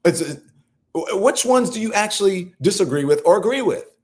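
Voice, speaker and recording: A middle-aged male host delivering live political commentary with a lively, swooping delivery. His pitch sits a little above average for a man. He scolds and sounds incredulous, cursing freely as he presses his points. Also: normal speed.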